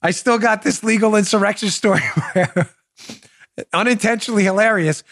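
A man's voice: high voice, moderate pace, fairly bright tone. A man hosting a political talk show, mocking and theatrical, often breaking into laughter as he jokes with his producer. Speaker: show host.

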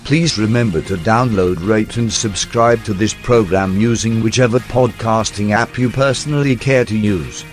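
A man's voice: fairly low pitch, dry recording, studio quality, natural voice. A man voicing a fussy, formal personal secretary who fills in as sports podcast host, with stiff, precise diction in a scripted comic read.

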